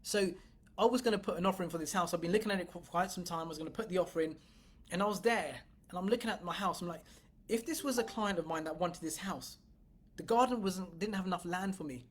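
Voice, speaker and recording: A woman with a fairly low, slightly rough voice talks fast. In her motivational livestream as a business coach, she swears freely, stays blunt and emphatic, and addresses her viewers head-on.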